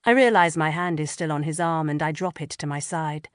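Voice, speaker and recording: A woman reading a first-person audiobook in an expressive, measured way on a close studio mic. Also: sits low, no echo. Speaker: audiobook narrator.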